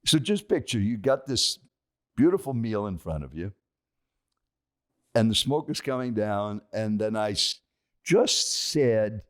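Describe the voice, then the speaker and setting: Older man telling a lively story. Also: fairly low pitch, unhurried. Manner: animated, asks listeners questions. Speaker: guest. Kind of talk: animated storytelling.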